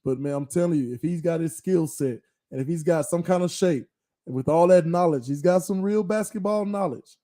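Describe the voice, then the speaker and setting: A man's voice: on the high side, fairly quick, mellow. A man hosting a casual sports podcast, reflective and teasing, often tagging his points with "right?". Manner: reflective, teasing, uses filler words like "right?". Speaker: podcast host.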